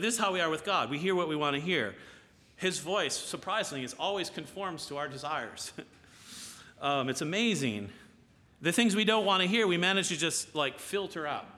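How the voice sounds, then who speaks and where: A man gives a sermon in an easy, conversational manner and keeps asking his listeners "right?" His voice is bright and slightly high for a man. The sound rings out with the long reverb of a large hall. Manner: conversational, often asks "right?". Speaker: pastor.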